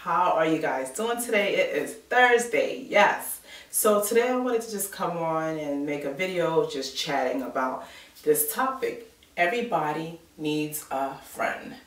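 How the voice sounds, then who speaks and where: A woman's voice: sits low, lively intonation, unhurried. New lady vlogging, casual rambly chat, kinda far from the mic. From New York. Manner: chatty storyteller, many filler words. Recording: roomy sound from a distant mic.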